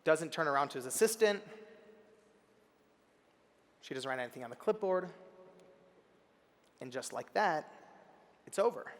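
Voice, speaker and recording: A young man in his twenties tells a story from a big stage in a fairly high voice, lively and full of acted-out moments. Now and then he breaks into a shout. His voice rings with the long reverb of a large hall. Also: a little slow, long pauses. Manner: animated, acts out the people in his story, bursts of shouting. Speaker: keynote speaker. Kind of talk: storytelling keynote speech. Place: large convention center hall.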